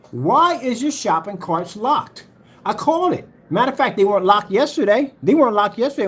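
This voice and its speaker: A man's voice: sits high, slightly rough. A man hosting a livestream, ranting in a heated, mocking way and talking straight to his chat. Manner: heated, mocking, repetitive, talks to chat directly. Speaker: livestream host.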